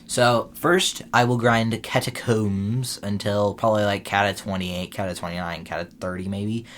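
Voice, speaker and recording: Deep-voiced Minnesota man, dry teasing co-host, slight hiss on the track. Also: steady tone, moderate pace, fairly bright tone. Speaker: podcast co-host. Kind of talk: casual chat. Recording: faint background hiss.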